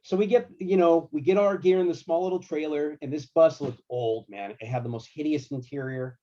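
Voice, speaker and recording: A man working as a guitar tech, telling tour stories in a casual, slangy, animated way. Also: fairly high pitch, fairly quick, highs cut off. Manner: animated, laid-back, slangy. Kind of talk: casual storytelling.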